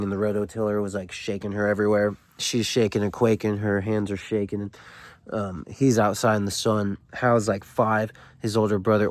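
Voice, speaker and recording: A man talks through a novel in a relaxed, slangy way, retelling scenes with plenty of "dude" and "like". His voice sits a little low. The recording is dry, with little room sound. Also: no room sound. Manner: slangy, laid-back paraphrasing full of "dude" and "like". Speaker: host of a book read-through. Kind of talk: casual book discussion.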